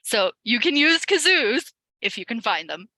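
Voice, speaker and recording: Woman, teacher-training webinar, chatty and upbeat, bright voice, dry close computer mic. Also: on the high side, big pitch swings, normal speed, no echo, low-quality recording. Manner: chatty and upbeat, with frequent ums and laughs. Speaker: ESL teacher leading a teacher webinar.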